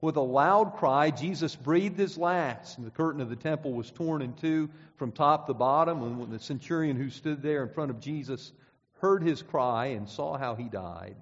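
Conversational preacher in a reverberant hall. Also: male voice, mid-range voice, normal speed. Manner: conversational, repeats words, reads scripture aloud. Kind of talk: sermon. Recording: dull sound with long hall reverb.

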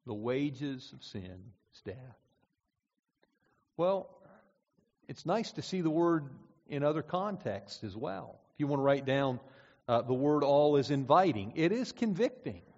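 A man's voice: a little high, big pitch swings, darkish tone. Man preaching in a reverberant church hall. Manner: measured, slows to stress key words. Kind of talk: sermon. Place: church auditorium. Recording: dull recording in a reverberant hall.

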